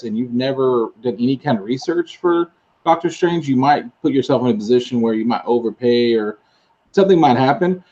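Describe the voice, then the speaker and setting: A Texan man in a casual chat, rambling quickly through advice and anecdotes. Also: medium pitch, mellow, lo-fi sound. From Texas.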